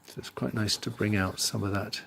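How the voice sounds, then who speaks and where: A man teaching drawing, talking through his steps as he works and trailing off quietly into asides. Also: lowish voice, steady tone, brisk, creaky, slight background noise. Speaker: art teacher. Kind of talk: drawing tutorial voice-over.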